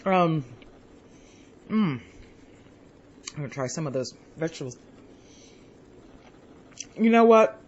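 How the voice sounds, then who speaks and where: A woman's voice: deep voice, expressive, slow pace, long pauses, darkish tone, muffled recording. A woman chatting casually in a home cooking vlog. She rambles as she tastes her food, with lots of pleased mm's. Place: home kitchen.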